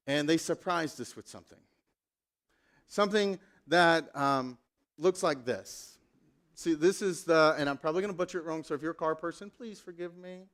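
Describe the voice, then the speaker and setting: A pastor with a notably high voice preaches to his church, spinning a casual, animated story. He swings from hushed, reflective moments to loud, acted-out panic as he replays his own reactions. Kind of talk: storytelling sermon. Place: church stage.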